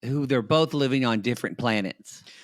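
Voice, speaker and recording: A man's voice: mid-range voice, expressive, no echo. A man co-hosting a podcast, riffing wryly in casual chat about reality TV. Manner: wry, quick-witted riffing. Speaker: podcast co-host.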